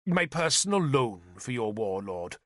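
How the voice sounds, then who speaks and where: A man's voice: medium pitch, sing-song, unhurried, fairly bright tone, dry recording, clean studio sound. A man voicing a pompous, greedy male bishop who wails and shrieks melodramatically, in an audiobook. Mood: scheming. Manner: melodramatic wailing, shrieking pleas. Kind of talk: audiobook character voice.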